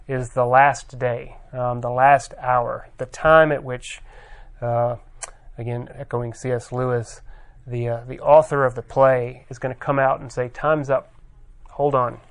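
A man preaching a conversational sermon, reading scripture aloud and pausing often with fillers. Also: mid-range voice, little pitch movement, gravelly.

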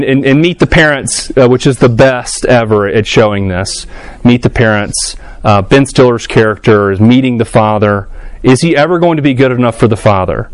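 In a dry recording, a man with a mid-range voice leads a casual adult class at church. His lecture wanders as he thinks aloud, full of ums and restarts, and he poses questions to the group.

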